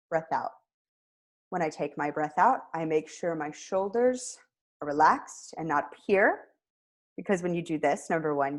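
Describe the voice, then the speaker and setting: Woman teaching public speaking, clear and upbeat. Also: on the low side. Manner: clear, upbeat, demonstrates with examples. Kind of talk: instructional lesson to camera.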